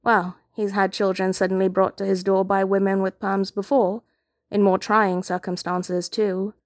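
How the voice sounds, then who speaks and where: A woman reading a novel aloud as audiobook narrator, in a measured, gentle storytelling manner. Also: mid-range voice, flat delivery, no room sound, clean studio sound. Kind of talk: scripted narration.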